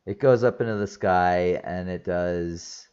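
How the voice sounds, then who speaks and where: A very low-pitched man talks slowly through a film recap in a rambling, casual way, full of fillers and restarts. He sounds teary-eyed and emotional. The audio is dull and lo-fi. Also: a little mellow, clean tone. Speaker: movie reviewer. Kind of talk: casual spoiler review.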